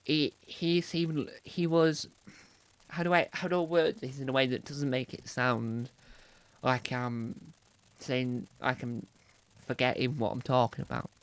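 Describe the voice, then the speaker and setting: Vlogger, rambling casual commentary, mid pitch, restarts a lot, dry close mic. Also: level tone, measured pace, clean tone, dry recording. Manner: rambling with many restarts and sudden loud emphasis.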